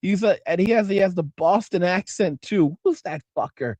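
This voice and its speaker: A man hosting a livestream and reading chat, talking casually in a profane, excitable, rambling way. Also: high voice, moderate pace, dry recording. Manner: profane, excitable, trails off and restarts.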